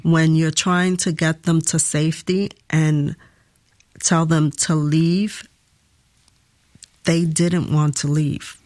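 A woman answers in short, sparse remarks, speaking extremely slowly. The sound is dry and close. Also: deep voice, flat delivery, a little mellow, dry recording. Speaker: interviewee.

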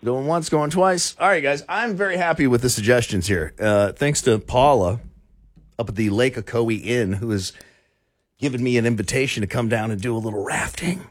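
With a mid-range voice, lively intonation and a brisk pace, a man from Florida hosts a morning radio show. He banters with callers in a joking, teasing way and is quick to laugh.

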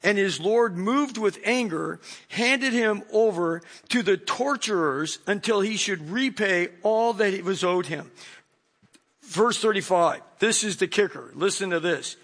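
Reading from the Bible and adding commentary throughout, this middle-aged preacher tells the story with animation and plays out different voices. His pitch sits high and his delivery is a little slow.

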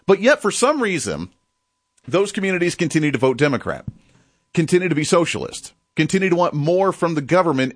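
A man's voice: fairly high pitch, expressive, brisk, no room sound, clean studio sound. A man from the United States hosting a political talk show, delivering an opinionated, sarcastic monologue.

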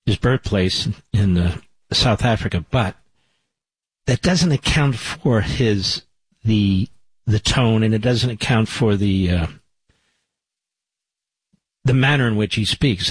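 A man's voice: medium pitch, slightly rough, dry recording, rough recording. A man hosting a radio talk show, commenting emphatically and repeating himself as he builds indignation. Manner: emphatic, repetitive, rising indignation. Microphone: studio microphone.

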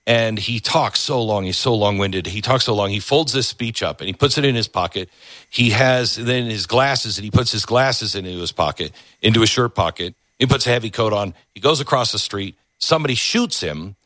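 A man hosting a talk show, animated as he tells a story and quick to agree with his guest. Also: on the low side, no echo. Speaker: radio talk host. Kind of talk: casual interview chat.

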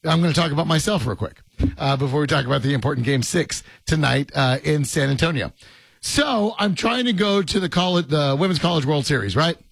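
A man with a gravelly, slightly husky voice hosts a sports radio show, his pitch leaping around as he rambles and jokes. The sound is dry and close, with no room around it. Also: expressive, a little fast, dry recording. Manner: joking, rambling, laughs often. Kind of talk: casual sports radio chat.

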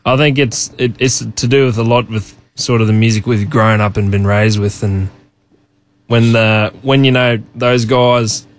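A man's voice: medium pitch, steady tone, unhurried. A young man with a thick Australian accent, a musician guest chatting easily on a radio show. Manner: easygoing, laid-back, says man a lot. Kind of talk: casual radio interview.

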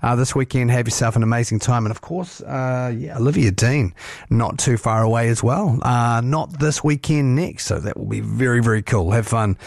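A man's voice: mid-range voice, a little fast, gravelly, darkish tone, dry recording, clean studio sound. A man with a New Zealand accent hosting a radio segment, chatty and rambling. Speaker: radio host. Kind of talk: radio link chat.

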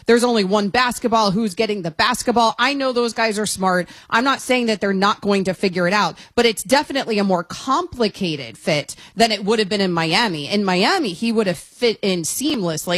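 A middle-aged woman talking as a guest basketball analyst in casual sports talk, quick and opinionated with a joking edge. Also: mid-range voice, a bit bright, no echo.

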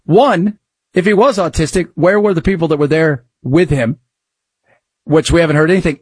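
A man's voice: on the high side, normal speed, husky, no echo. A man hosting a talk radio show, chatting in a rambling, conversational way with emphatic rises, close to a studio mic. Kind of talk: casual talk radio commentary.

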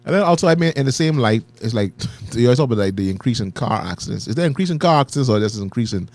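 A man co-hosts a podcast with a lively voice that swings up and down and rushes ahead. He laughs often and throws in quick asides. The sound is close and dry. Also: mid-range voice, no echo. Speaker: podcast co-host. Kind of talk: casual chat.

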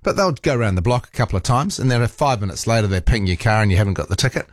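A man's voice: fairly low pitch, lively intonation, rapid-fire, no echo, clean studio sound. A man with a New Zealand accent hosting a talk radio show, chatting casually and rambling with fillers and restarts. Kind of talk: casual talkback chat. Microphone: studio microphone.

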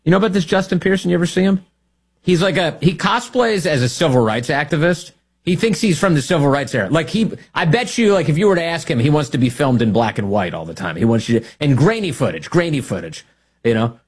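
A man's voice: on the high side, expressive, quick pace, husky. A man hosting a talk radio show, delivering sarcastic political commentary and laughing at his own jokes. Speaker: radio host.

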